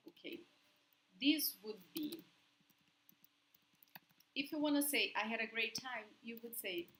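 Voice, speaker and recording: A Brazilian woman in her young adult years teaches in a fairly high voice, with a Brazilian Portuguese accent. She speaks slowly and carefully and laughs often. A faint hiss sits under her voice. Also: fairly bright tone, poor audio. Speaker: language teacher. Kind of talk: language lesson.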